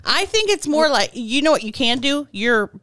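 A woman co-hosts a comedy podcast, delivering absurd jokes with a deadpan edge. Her pitch swings widely, and her voice sounds dry and close, with no room echo. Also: normal speed. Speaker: podcast co-host. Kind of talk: casual comedic chat. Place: hot indoor studio room.

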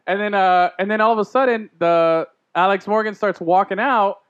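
A man's voice: high voice, normal speed, dull audio, crowd noise. A man telling a story in casual podcast chat, acting out the quotes. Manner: animated storyteller, acts out quotes. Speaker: podcast host.

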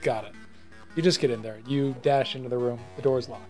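A man's voice: medium pitch, a little fast, darkish tone, soft background music. A man narrating as game master of a tabletop role-playing game, talking casually with lots of fillers.

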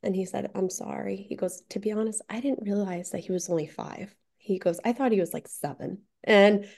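A woman's voice: medium pitch, fairly even intonation, fairly quick, creaky, darkish tone. A woman guest telling a story in casual conversation, full of chatty "like" fillers.

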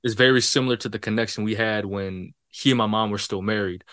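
A man's voice: lowish voice, steady tone, fast talker, fairly bright tone, smooth, no echo, studio quality. Frank, rambling podcast guy. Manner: rambling, frank, swears, laughs. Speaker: podcast co-host. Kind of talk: casual chat.

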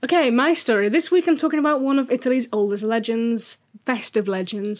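Woman podcast co-host, higher-pitched, casual storyteller with jokey asides. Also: a little fast. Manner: chatty, laughs easily, jokey asides. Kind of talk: casual podcast chat, telling a folklore story.

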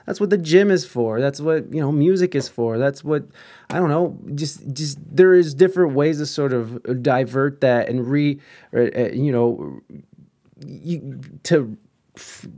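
A man's voice: mid-range voice, unhurried, warm tone. A man in his thirties talking casually and earnestly, rambling with many restarts and frequent swearing. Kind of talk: casual chat.

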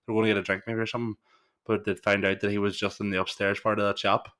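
A man's voice: fairly low pitch, little pitch movement, racing, a bit bright. A Northern Irish man co-hosting a casual podcast chat, telling rambling anecdotes and swearing freely. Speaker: podcast co-host.

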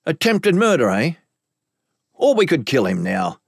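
A man voicing a cunning, menacing male criminal boss with a gruff, threatening manner. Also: fairly high pitch, huge pitch swings, a little slow, no room sound, clean studio sound, voice pushed up, full character voice.

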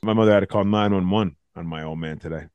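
A man's voice: sits low, fast, highs cut off, music in the background. A man telling stories in casual, profane chat, acting out quotes as he goes. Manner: profane, animated storytelling with acted quotes.

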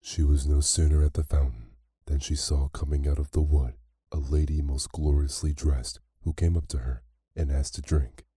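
A man narrating a classic fairy tale as a slow, soothing bedtime story. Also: extremely low pitch, fairly even intonation, breathy edge, no echo, studio quality. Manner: slow, soft, soothing reading.

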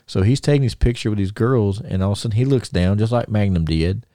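A man's voice: on the low side, fast talker, mellow, no room sound, studio quality. A middle-aged man, co-hosting a podcast and telling rambling stories full of fillers and restarts. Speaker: podcast co-host. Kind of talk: casual storytelling.

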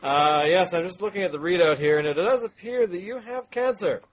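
A man's voice: high voice, fairly quick, a crowd in the background, close to an everyday voice. A man voicing a sleazy fake doctor in a comedy podcast sketch, hesitant and full of uhs, falsely soothing. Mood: smarmy. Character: sleazy quack male doctor. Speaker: podcast co-host.

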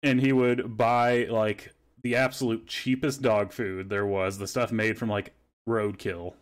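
A man's voice: lowish voice, flat delivery, unhurried. Casual swearing young man telling stories. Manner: swearing, rambling storyteller. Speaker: podcast host. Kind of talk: casual chat.

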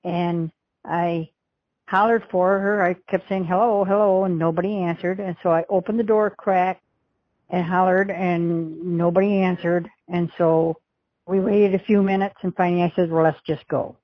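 A woman's voice: lowish voice, fairly even intonation, moderate pace, no room sound, dull audio. A middle-aged woman recounting a past event as an interview witness, rambling along and acting out the dialogue she quotes. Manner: rambling storyteller who acts out quoted dialogue.

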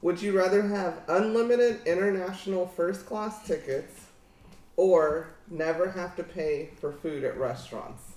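A woman's voice: lowish voice, a little slow, a little mellow, recorded from a distance. A woman co-hosting a casual chat, teasing and laughing often. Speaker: co-host. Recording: echoey room, off-mic.

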